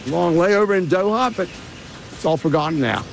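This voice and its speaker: A man's voice: high-pitched, animated, moderate pace, creaky. An actor playing a polite, slightly hesitant middle-aged father arriving at a resort, in a TV series clip. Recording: TV series clip with vehicle noise.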